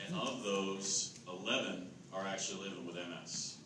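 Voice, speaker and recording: A man telling a lively, chatty story as captain of a charity ride team. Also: low-pitched, normal speed. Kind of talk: casual storytelling to a camera. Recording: echoey, distant, noisy crowd.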